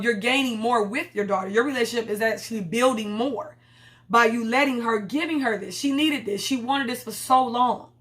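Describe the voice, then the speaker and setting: A woman recapping a TV episode in casual, profane chat, bluntly retelling scenes in her own words and voices. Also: fairly high pitch. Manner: blunt, profane, animated storytelling with quoted voices. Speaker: TV recap host.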